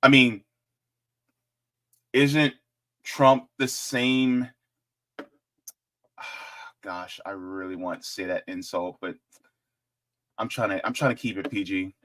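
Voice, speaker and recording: A man's voice: lowish voice, slow, pauses often. A man hosting casual political commentary, joking and talking straight to his viewers. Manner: joking, animated, talks to viewers directly.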